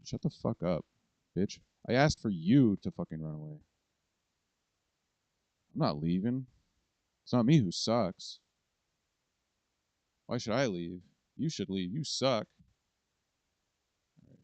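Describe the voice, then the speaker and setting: A man's voice: deep voice, moderate pace, pauses often, a little mellow, no echo. A man in a rambling, profane political monologue, ranting to his viewers. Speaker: vlogger. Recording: dull lo-fi recording, dry.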